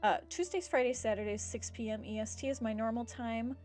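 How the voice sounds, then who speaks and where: A chatty woman closes out her stream, her voice sitting a little high as she rambles through plans with plenty of fillers. She has the hiccups, and faint music plays underneath. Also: fairly even intonation, a little fast, darkish tone. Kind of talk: casual stream sign-off chat.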